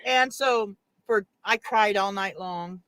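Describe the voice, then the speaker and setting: Woman guest, animated storyteller, bright voice, dry sound. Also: mid-range voice, takes it slowly, dry recording. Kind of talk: casual chat.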